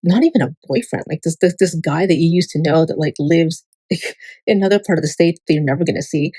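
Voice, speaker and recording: A woman with a somewhat low, mellow voice talks straight to camera in a loose, digressive vlog monologue. She leans hard on fillers and swears without a second thought. The sound is dry and close. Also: brisk, breathy edge, no echo, poor audio. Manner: swears freely. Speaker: vlogger. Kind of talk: casual rambling monologue.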